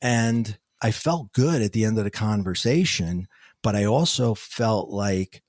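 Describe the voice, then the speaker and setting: A middle-aged man, a podcast guest, telling a personal story in an animated way and acting out the quoted dialogue. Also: lowish voice, measured pace, no room sound, clean studio sound. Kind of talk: storytelling interview answers.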